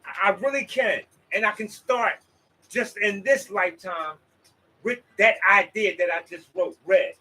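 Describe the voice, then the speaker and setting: High, bright-voiced man preaching to listeners. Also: unhurried, low-quality recording. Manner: rambling, preachy, swears, talks to listeners as y'all. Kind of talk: casual spoken monologue.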